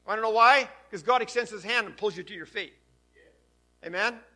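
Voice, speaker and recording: A man preaching a sermon, his voice sitting high and bright. He drops to near hushes and then builds up to loud, emphatic lines. The delivery is that of a pastor speaking to his church. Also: fairly quick. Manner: preaching with sudden swings between loud and soft.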